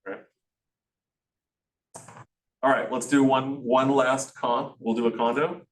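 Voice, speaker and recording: A man's voice: medium pitch, level tone, takes it slowly, reverberant, distant mic, poor audio. A man teaching a real estate class, thinking aloud and explaining calculations step by step with frequent restarts. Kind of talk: teaching a class, walking through numbers live.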